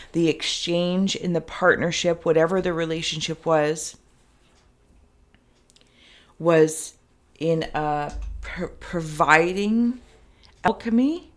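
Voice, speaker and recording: A woman giving a spoken tarot and spirit reading to camera, rambling and thinking aloud with many fillers and restarts. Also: sits low. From Canada. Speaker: tarot reader and psychic.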